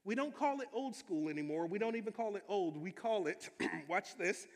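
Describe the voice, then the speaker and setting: Man, pastor, emphatic sermon, high voice, long reverb in a church sanctuary. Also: normal speed. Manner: energetic, emphatic preaching with call-and-response.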